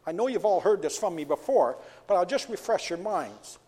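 A man's voice: high-pitched, lively intonation, normal speed, warm tone, husky. A man preaching a sermon as pastor, asking rhetorical questions and answering them himself. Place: church sanctuary. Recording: long church hall reverb.

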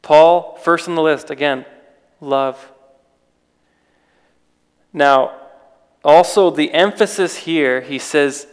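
A man's voice: a little high, takes it slowly, pauses often, clear, resonant tone. Man preaching casually in a reverberant hall. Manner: conversational, with restarts and rhetorical questions. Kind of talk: informal sermon.

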